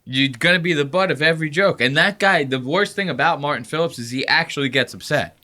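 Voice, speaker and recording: A man hosting a podcast, telling stories in a loose, profane, animated way and mocking people with quick impressions. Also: a little high. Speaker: podcast host. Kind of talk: casual podcast banter.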